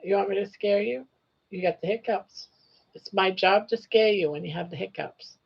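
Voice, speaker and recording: In dull lo-fi live stream audio, an older woman crochets on air, greeting viewers and talking fondly to her pet. She speaks at normal speed in a mid-range voice with vocal fry and a breathy edge.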